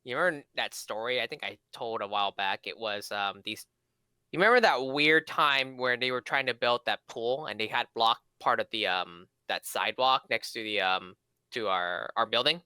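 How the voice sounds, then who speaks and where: Podcast co-host, young man, bright clear tone, rambling anecdotes, dry close sound. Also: mid-range voice, moderate pace, no echo. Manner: rambling, many fillers and restarts. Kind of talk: casual storytelling chat.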